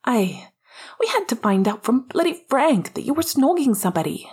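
A woman's voice: high voice, very animated, moderate pace, breathy edge, voice pushed up, heavily acted. Hotheaded teenage boy wizard, as a woman reads him. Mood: heated. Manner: sharp, heated, rising to raised voice. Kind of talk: audiobook reading of fan fiction.

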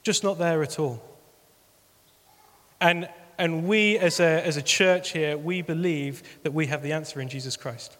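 Earnest preacher in a reverberant hall. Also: male voice, on the high side, unhurried, fairly bright tone. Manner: earnest, repeats phrases for emphasis. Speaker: pastor. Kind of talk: sermon appeal.

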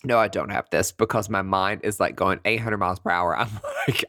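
A man, a nurse, telling a personal story in a casual, animated way, often laughing and acting out his reactions. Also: lowish voice, fairly quick, few pauses, no echo, clean studio sound. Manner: breaks into giggles mid-sentence.

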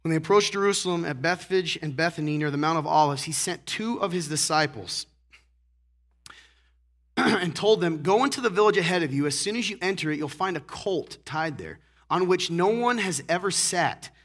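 A man preaching a sermon, joking and animated, acting out little scenes and clearing his throat often. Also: fairly high pitch, moderate pace. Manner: joking, animated, acts out characters. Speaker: pastor.

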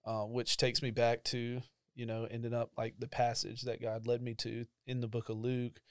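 A man's voice: mid-range voice, monotone, normal speed, clear, resonant tone, dry recording, studio quality. Young man telling his story. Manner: conversational storytelling with frequent fillers, emotional. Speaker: church ministry staff member. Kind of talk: casual personal testimony.

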